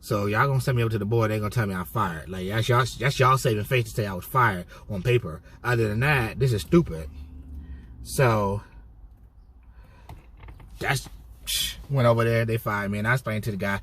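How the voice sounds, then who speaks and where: A man vlogging a casual storytime, telling it in a heated, profane way with animated bursts. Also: on the low side, moderate pace, pauses often, slightly rough. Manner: cheerful put-on customer-service voice when mimicking himself.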